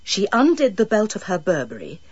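A woman reading an audiobook in measured, dramatic storytelling. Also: medium pitch, wildly swooping pitch, a little mellow, husky, no room sound, dull audio. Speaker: audiobook narrator. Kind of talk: scripted narration.

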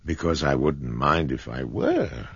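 A man voicing a proud, innocent teenage girl with a breathy, girlish manner in a storybook reading. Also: extremely low pitch, sing-song, a little slow, no room sound, dull audio, voice pushed down, heavily acted. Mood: prim.

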